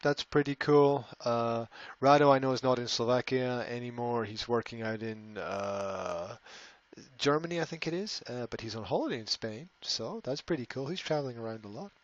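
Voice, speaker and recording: A man's voice: mid-range voice, lively intonation, moderate pace, no room sound, dull audio. A man hosting a casual live stream, rambling, often repeating words and reading out viewer comments. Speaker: language school host answering live chat.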